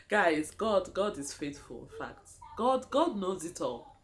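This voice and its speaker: A young woman with a Nigerian accent telling a personal story on her vlog in an animated, dramatic way, often calling her viewers guys. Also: lowish voice, normal speed. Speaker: vlogger.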